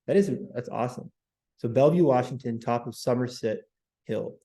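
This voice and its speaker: A man's voice: mid-range voice, moderate pace, dark tone, roomy sound. A man hosting a history livestream, chatting with viewers and repeating words as he talks. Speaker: host. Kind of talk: livestream history talk, reading chat.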